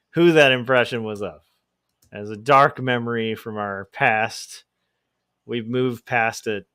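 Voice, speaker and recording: A man's voice: medium pitch, expressive, normal speed, fairly bright tone, no echo, clean studio sound. Rambling man chatting on a livestream. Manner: rambling and self-deprecating, with laughs. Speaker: livestream host and comic artist. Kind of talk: casual livestream chat.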